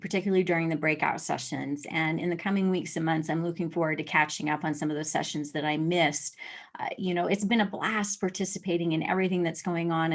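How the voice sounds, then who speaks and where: A woman speaks as the president of an industry council, sharing event plans in a friendly, enthusiastic way. Her voice sits somewhat low for a woman. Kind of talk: scripted event announcements.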